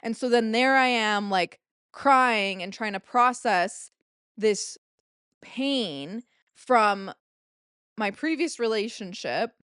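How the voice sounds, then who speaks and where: A woman's voice: on the high side, expressive, slow pace, a bit bright, clean tone, no echo, clean studio sound. A woman in her late twenties hosting a solo podcast, talking in a rambling, confessional way, full of filler words and casual swearing. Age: late 20s. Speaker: podcast host.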